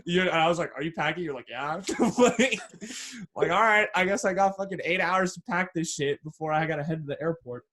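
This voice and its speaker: Animated young man telling a story. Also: on the high side, brisk. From San Francisco Bay Area. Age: young adult. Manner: animated, slangy, swears freely, acts out quoted dialogue. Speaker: podcast host. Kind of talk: casual storytelling chat.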